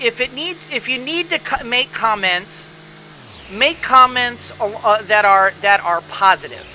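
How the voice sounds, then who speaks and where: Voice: medium pitch, bright, forceful tone, a little hiss or hum, low-quality recording. A gameplay commentator giving a rambling motivational pep talk in casual let's-play style, with frequent restarts and repeated words.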